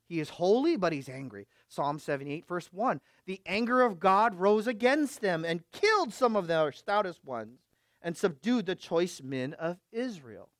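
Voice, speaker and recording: Male pastor, high voice, dry close sound; emphatic preaching that swings loud and quiet, keeps asking the congregation questions. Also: very animated, normal speed, dry recording. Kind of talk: sermon.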